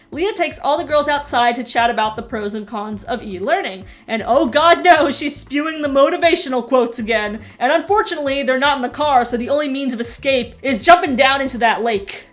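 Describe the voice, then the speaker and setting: A young woman doing sarcastic TV recap commentary, snarky and quick to laugh at her own jokes. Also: high-pitched, fairly bright tone. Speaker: recap vlogger.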